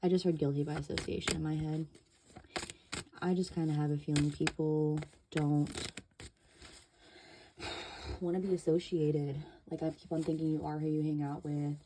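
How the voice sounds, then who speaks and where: Woman, tarot reader, low voice, mellow tone, chatty, lots of fillers, casual swearing. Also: flat delivery, normal speed, pauses often, slight background noise.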